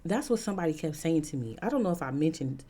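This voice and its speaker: A woman's voice: sits low, animated, fast, mellow. A woman giving a casual opinion monologue as a vlogger, frank and chatty with many "um" fillers and repeated points for emphasis.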